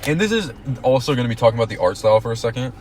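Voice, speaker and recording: A man's voice: mid-range voice, sing-song, racing, darkish tone, slight background noise. A young man co-hosting a podcast in casual chat, rambling with restarts and swearing. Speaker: podcast co-host.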